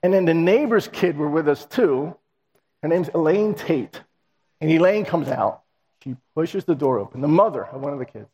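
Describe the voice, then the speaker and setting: A male pastor telling a story in a sermon, animated and acting out the dialogue. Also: a little high, normal speed. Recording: reverberant hall.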